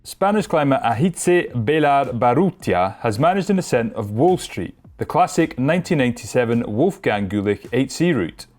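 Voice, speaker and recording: Man co-host, climbing news, conversational, mid pitch, faint music bed. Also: expressive, moderate pace, few pauses, darkish tone. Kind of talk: news show banter and read reports.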